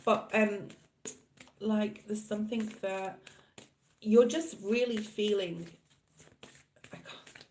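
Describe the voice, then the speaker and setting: A woman's voice: mid-range voice, fairly even intonation, slow pace, long pauses, a little mellow, roomy sound, slight background noise. A middle-aged Australian woman giving a live tarot reading, chatting and rambling casually to her viewers. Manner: chatty, rambling, laughs often, addresses viewers by name. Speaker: tarot reader.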